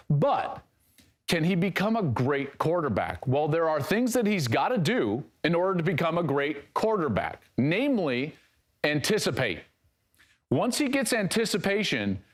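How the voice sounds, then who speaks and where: Male football analyst, high lively voice, excitable film breakdown. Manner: excitable, exclamatory.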